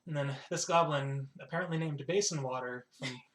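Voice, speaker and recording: A man's voice: a little high, fairly quick, a bit bright, slight background noise. A man narrating as game master of a tabletop game, rambling and full of fillers.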